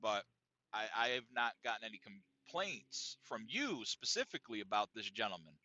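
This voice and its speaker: A man voicing a placating male gym director who speaks hesitantly and tries to calm things, on a dull, lo-fi, dry recording. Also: fairly low pitch, moderate pace, pitched below the performer's own voice, heavily acted. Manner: soothing, hesitant, conciliatory.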